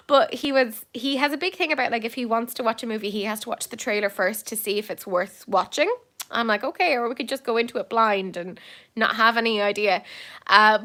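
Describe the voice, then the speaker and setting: Bright, chatty Irish woman. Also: on the high side. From Ireland. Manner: chatty and self-deprecating, laughs often, rambles with fillers. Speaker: livestream host chatting with viewers. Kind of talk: casual chat.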